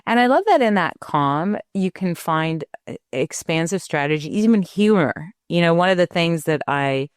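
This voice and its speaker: A woman's voice: on the low side, moderate pace, clean tone, dry recording, clean studio sound. A middle-aged woman co-hosting a parenting talk show, speaking reflectively and telling family stories in a conversational way. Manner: reflective, tells stories with animated quoted voices. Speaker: podcast co-host.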